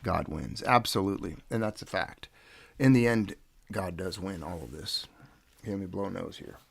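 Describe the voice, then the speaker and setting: A man's voice: low-pitched, normal speed, vocal fry, a little hiss or hum. A man hosting a casual livestream, rambling and greeting viewers by name, sounding stuffed up from nasal congestion. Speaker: livestream host.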